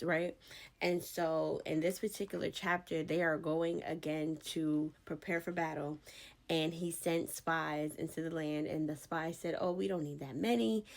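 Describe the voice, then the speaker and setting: Woman podcast host, low voice with a gravelly edge, chatty devotional storytelling. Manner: chatty, animated storytelling with slang. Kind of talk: casual devotional talk.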